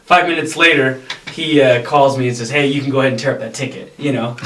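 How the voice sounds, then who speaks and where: A man's voice: medium pitch, fast talker, sharp tone. A middle-aged man telling long, rambling stories in casual chat as a podcast guest, laughing now and then. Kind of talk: casual storytelling. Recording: roomy echo, a bit far from mic.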